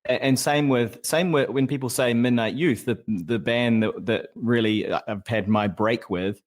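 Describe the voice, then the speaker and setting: A man in his thirties with a New Zealand accent, talking as a musician guest in a relaxed, thoughtful, halting way. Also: mid-range voice. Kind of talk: casual interview chat.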